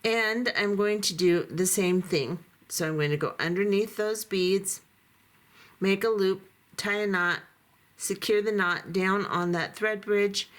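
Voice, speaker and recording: A woman giving a calm, methodical beading tutorial, talking through each step as she works, her voice a little hoarse. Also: mid-range voice. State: voice going hoarse. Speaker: beading instructor.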